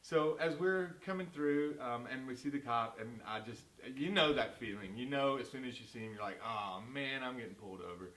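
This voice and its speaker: A man with a Southern American accent, a real estate agent co-hosting a casual chat and telling a story in an animated, talkative way. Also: mid-range voice, moderate pace, few pauses, reverberant.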